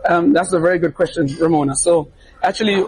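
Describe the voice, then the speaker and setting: High-voiced British man, laughing and friendly. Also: fairly even intonation, fast, a little mellow, a little hiss or hum, poor audio. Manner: laughs often, friendly, gives earnest advice. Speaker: DJ and interview guest. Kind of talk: casual interview answers. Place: backstage media room at a music festival.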